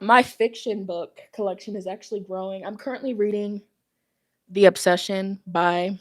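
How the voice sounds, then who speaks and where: A woman's voice: medium pitch, fairly even intonation, moderate pace, no echo, clean studio sound. Breathless woman chatting on a livestream. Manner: chatty and giggly, calls viewers "y'all". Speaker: tarot reader and spiritual host. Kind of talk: casual livestream chat with viewers. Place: at home, walking around. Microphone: phone microphone held close.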